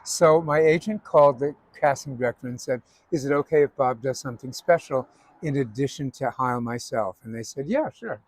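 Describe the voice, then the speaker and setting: A man's voice: mid-range voice, steady tone, a little fast, poor audio. A man hosting a casual chat, telling stories from his stage career. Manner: anecdotal storyteller. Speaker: host.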